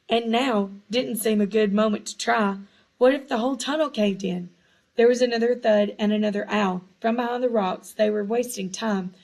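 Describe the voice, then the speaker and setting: A woman reading a storybook aloud in a hushed, suspenseful manner, now and then correcting small slips. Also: medium pitch, vocal fry, poor audio. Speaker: audiobook reader. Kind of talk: storybook narration.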